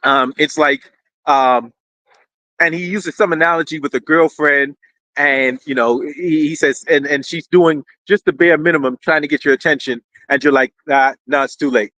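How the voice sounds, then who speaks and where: A man hosting casual live-stream commentary, rambling and animated, often repeating words as he restarts. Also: on the high side, moderate pace, no echo, rough recording. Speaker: political commentary host. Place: indoors near a street with fire trucks.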